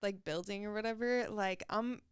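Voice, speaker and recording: A young woman co-hosting a podcast, chatting in a relaxed way and laughing often. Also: mid-range voice, moderate pace, smooth, dry recording. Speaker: podcast co-host. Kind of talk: casual chat.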